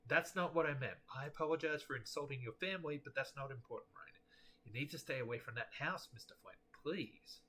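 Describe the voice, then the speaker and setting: A man's voice: mid-range voice, fairly quick, sharp tone, slight background noise, natural voice. Man playing an earnest, pleading husband.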